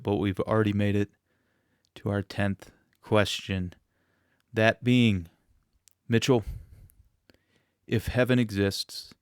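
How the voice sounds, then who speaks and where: A man's voice: lowish voice, clean tone, dry recording, clean studio sound. A man hosting a podcast interview in a playful, mock-formal manner. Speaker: podcast host.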